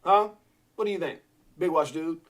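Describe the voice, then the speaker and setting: A man hosting a live crypto stream in casual chat, joking, excitable and talking straight to his viewers. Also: a little high, normal speed. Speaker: crypto livestream host.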